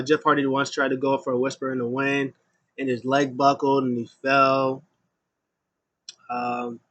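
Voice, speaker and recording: A man reviews a wrestling show on his own in a casual, rambling way, filling it with ums. His pitch is medium, and he gets loud when imitating an announcer.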